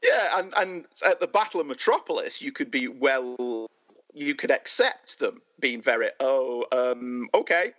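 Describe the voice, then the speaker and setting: A man co-hosting a casual movie discussion, thoughtful and measured with dry humor. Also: mid-range voice, expressive, pushed and bright, highs cut off. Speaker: podcast co-host.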